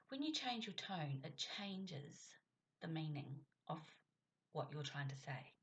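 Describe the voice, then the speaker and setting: A woman's voice: sits low, animated, a little slow, lo-fi sound, slight background noise. A middle-aged woman, a speech coach chatting casually in her vlog and leaning on stressed words to show tone. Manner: chatty, demonstrates stressed words with rising emphasis. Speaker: speech and communication coach and author.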